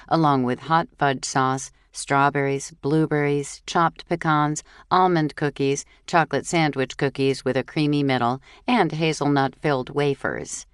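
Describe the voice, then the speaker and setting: Slow, low-voiced woman narrating. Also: smooth, no echo, clean studio sound. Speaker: audiobook narrator. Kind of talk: scripted narration.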